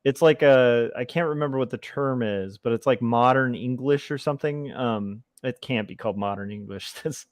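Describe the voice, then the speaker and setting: A man hosting a livestream, chatting casually and thinking out loud while he draws comics. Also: mid-range voice, normal speed, few pauses, no echo. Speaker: livestream host and comic artist. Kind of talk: casual chat while drawing.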